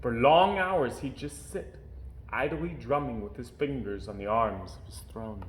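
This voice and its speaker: A man reading a children's storybook aloud with expressive storytelling, at home. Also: medium pitch, a little slow, echoey room, a little hiss or hum. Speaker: storybook reader. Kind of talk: children's book read-aloud. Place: home during quarantine.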